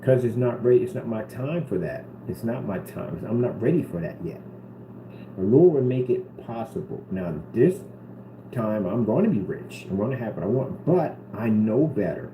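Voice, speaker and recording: A man's voice: on the low side, normal speed. Man talking earnestly, roomy noisy sound. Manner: earnest and rambling, repeats himself. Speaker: vlogger. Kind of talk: casual talk to camera. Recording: roomy with steady background noise.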